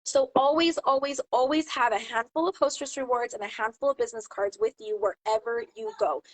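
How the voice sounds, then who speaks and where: A mom talking casually to camera, giving business tips and acting out lively quoted exchanges. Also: female voice, fairly high pitch, brisk, rough recording. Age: adult mom. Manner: chatty, animated storyteller acting out quotes. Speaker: jewelry seller and channel host. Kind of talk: casual advice talk to camera.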